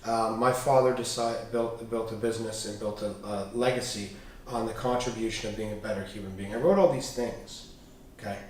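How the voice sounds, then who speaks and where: A man's voice: fairly low pitch, fairly quick, a little hiss or hum. A man as a podcast guest, telling candid personal stories with swearing and acted-out dialogue. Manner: animated, swearing, acts out quoted dialogue. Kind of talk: candid storytelling interview. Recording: echoey room, distant mic.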